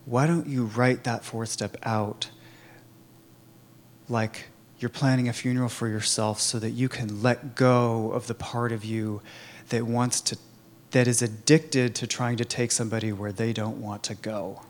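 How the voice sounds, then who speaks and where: A man telling his own recovery story in a candid, halting way, with many fillers and restarts. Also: medium pitch, flat delivery, slight background noise. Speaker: recovery program member sharing his story. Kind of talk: personal testimony, conversational.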